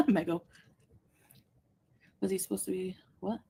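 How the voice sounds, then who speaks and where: A woman's voice: fairly low pitch, steady tone, unhurried, creaky, warm tone, slightly rough. A woman co-hosting a casual livestream, reading viewer comments aloud and chuckling. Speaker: livestream co-host.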